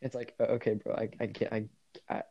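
A man's voice: lowish voice, little pitch movement, quick pace, vocal fry, lo-fi sound, a crowd in the background. A young man in casual chat as a podcast co-host, rambling and often quoting himself with a laugh.

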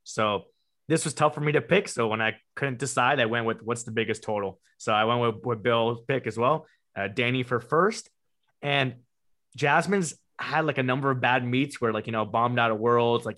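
Panelist, male, bright, forceful tone, hedging, conversational. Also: medium pitch, moderate pace. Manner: thinking aloud with many "like"s and hedges. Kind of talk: casual chat.

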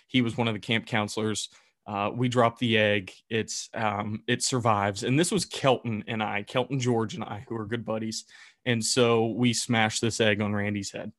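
A man casually telling a camp story on a podcast, animated and swearing as he builds suspense. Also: on the low side, normal speed, no room sound, clean studio sound.

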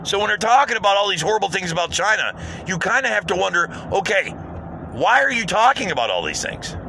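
A man's voice: high-pitched, gravelly, background noise. A man with a Southern twang, ranting profanely in a rambling political vlog while driving. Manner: profane, rambling, repeats words. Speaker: vlogger. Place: in a car on the road.

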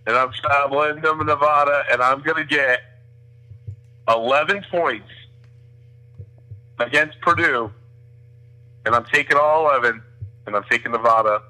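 A man's voice: mid-range voice, unhurried, pauses often, pushed and bright, low-quality recording. A man co-hosting a sports betting podcast, joking and sarcastic, often hesitating and restarting his sentences. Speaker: podcast co-host. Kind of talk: casual sports betting chat.

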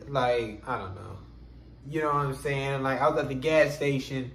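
In a low-quality, reverberant recording with a little hiss or hum, a podcast host with a fairly high-pitched voice tells a story. His monologue is casual, animated, and profane, packed with fillers and laughter.

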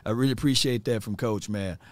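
A man's voice: fairly low pitch, brisk, noisy background. A man hosting a live sports call-in show, casual and laid-back, laughing often and saying "man" a lot. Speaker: sports show host taking calls.

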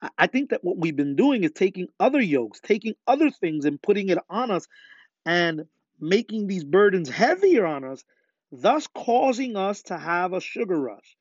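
A man's voice: sits high, big pitch swings, moderate pace, husky, no room sound. A man preaching a podcast sermon with fervor, often putting questions to his listeners. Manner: fervent, asks listeners rhetorical questions. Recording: dull lo-fi dry sound.

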